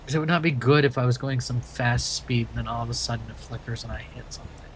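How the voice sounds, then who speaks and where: A man's voice: medium pitch, fast talker, a little hiss or hum, rough recording. A man from Maine with a light Maine accent touched by Southern, chatting casually and rambling as a streamer while playing a driving game. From Maine, USA. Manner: rambling and chatty, many restarts.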